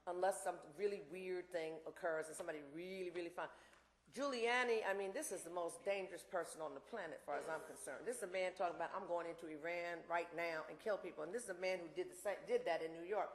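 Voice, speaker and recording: A woman's voice: on the low side, fast. Impassioned woman in her sixties, echoey hall. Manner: impassioned, blunt, rambling with asides. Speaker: invited speaker. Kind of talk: campus talk with audience Q&A. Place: university lecture room.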